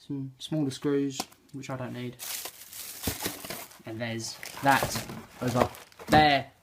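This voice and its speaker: A man's voice: mid-range voice, steady tone, takes it slowly. A young man from England, chatting casually and rambling through an unboxing, full of fillers and self-deprecating asides. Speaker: unboxing vlogger. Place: home bedroom. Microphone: handheld camera mic. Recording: noisy home camera audio. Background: crinkling packaging and clicks.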